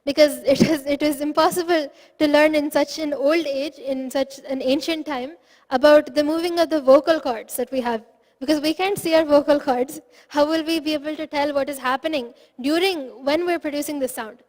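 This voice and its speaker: High-voiced woman teaching phonetics, echoey. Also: fairly even intonation, moderate pace, a little mellow. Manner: patient, explains step by step, demonstrates syllables aloud. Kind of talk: online class explanation.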